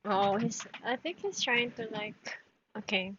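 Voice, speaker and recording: A woman's voice: fairly high pitch, expressive, a little slow, a bit bright, a little hiss or hum. Giggly woman baby-talking her cat. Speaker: streamer. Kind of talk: casual live-stream chat with her cat. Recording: dull lo-fi stream audio.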